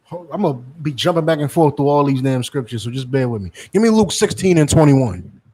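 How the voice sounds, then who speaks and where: A man's voice: fairly high pitch, expressive, fairly quick, dark tone. Heated, mocking preacher man. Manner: heated, mocking, profane, calls for scripture readings. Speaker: preacher and teacher. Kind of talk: fiery street-style preaching.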